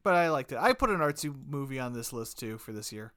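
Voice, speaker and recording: A man's voice: mid-range voice, big pitch swings, fast, fairly bright tone, smooth. A man co-hosting a podcast in casual chat, with dry, wry humor. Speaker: podcast co-host.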